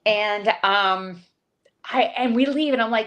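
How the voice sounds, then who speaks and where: A woman's voice: fairly high pitch, measured pace, a bit bright. A woman who is a podcast guest, telling an emotional personal story with many restarts over a video call. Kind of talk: conversational storytelling.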